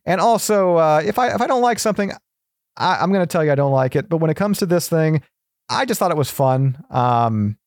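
A man's voice: on the high side, lively intonation, brisk, no echo, studio quality. A man joining a podcast as a guest in casual chat, earnest and hesitant, with many fillers.

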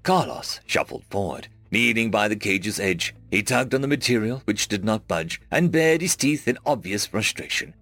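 A man narrating a first-person science fiction story in a measured storytelling manner. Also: fairly low pitch, animated, a bit bright, dry recording. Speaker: audiobook narrator. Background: faint background music.

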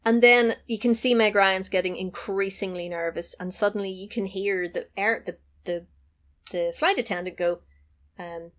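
Woman eagerly recapping a film. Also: moderate pace. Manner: animated storytelling, acting out lines in a high voice. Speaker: podcast co-host recapping a film. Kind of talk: casual chat.

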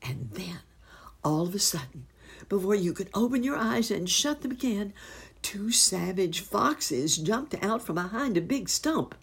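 A woman reading a children's storybook aloud, with expressive, unhurried storytelling. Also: medium pitch, husky. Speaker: narrator.

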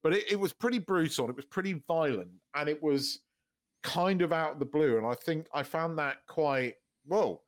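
A man chatting on a podcast, his voice sitting a little high for a man. He rambles through restarts, swears freely and breaks into laughter often. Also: moderate pace. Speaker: podcast co-host. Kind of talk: casual chat.

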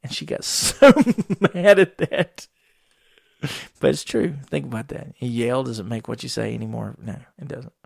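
A man's voice: mid-range voice, expressive, moderate pace, gravelly, no room sound, clean studio sound. A middle-aged man, hosting a podcast and telling wry, profane stories in a rambling way. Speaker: podcast host. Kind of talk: casual solo podcast monologue.

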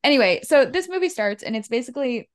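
A woman co-hosting a casual movie podcast, animated and quick to laugh. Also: sits high. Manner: animated, laughs often, acts out characters in quotes. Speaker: podcast co-host.

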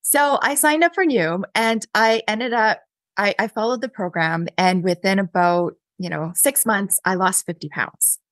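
A woman, a podcast guest, recounting a personal story in a chatty, animated way with many fillers and laughs. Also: medium pitch, a little slow, no room sound. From Canada. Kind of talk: casual interview storytelling.

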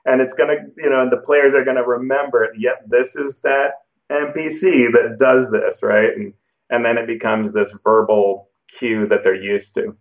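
A man hosting a podcast, giving relaxed advice on running tabletop games. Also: medium pitch, normal speed. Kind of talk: podcast discussion. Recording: dull lo-fi sound.

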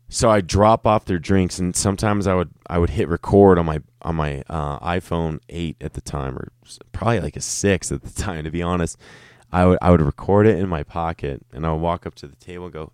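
A man's voice: deep voice, brisk, a little mellow, dry recording, studio quality. A man telling a casual, profane, rambling story about his years working as a restaurant server. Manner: rambling, self-interrupting, laughing asides.

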